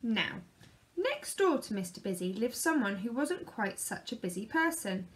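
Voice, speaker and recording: A woman reading a children's picture book aloud in a lively, expressive way. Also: fairly high pitch, normal speed. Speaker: storyteller.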